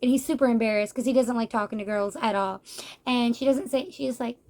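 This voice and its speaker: Chatty high-voiced woman reviewing manga. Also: quick pace. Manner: chatty and animated, acting out characters' lines, laughs often. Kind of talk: casual book review chat.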